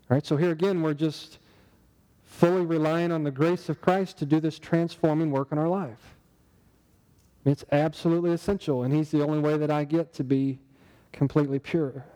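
A man's voice: on the high side, warm tone, big-room sound, low-quality recording. A man preaching a sermon in a conversational way, asking the congregation rhetorical questions. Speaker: pastor.

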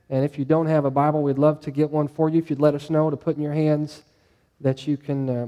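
A man's voice: fairly high pitch, warm tone, big-room sound. A male pastor preaching a sermon in a conversational way, putting questions to his congregation.

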